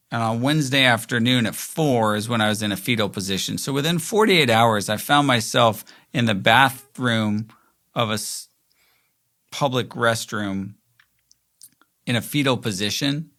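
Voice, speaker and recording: A man in his forties talks through a casual, reflective solo monologue, leaning on "like" as he wanders between thoughts. His voice sits at an ordinary pitch but carries a bright, forward edge. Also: measured pace. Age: 40s. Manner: rambling, frequent "like" fillers, mimics quoted voices. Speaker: podcast host.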